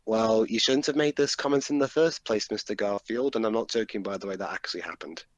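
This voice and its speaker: A man's voice: on the low side, fast, dry recording, highs cut off. A man giving casual, joking movie commentary with friends. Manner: joking, animated asides.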